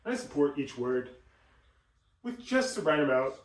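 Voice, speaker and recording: A man teaching voice exercises, explaining and acting out examples in an animated way. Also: fairly high pitch, moderate pace. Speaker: voice coach. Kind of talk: instructional talk with demonstrations. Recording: roomy sound, mic at a distance.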